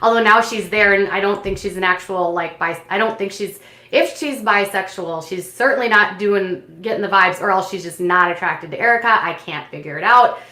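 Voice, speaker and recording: A woman hosting a reality TV recap, retelling scenes in an animated, opinionated, gossipy way with lots of fillers. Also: mid-range voice, moderate pace, roomy sound. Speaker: commentary channel host.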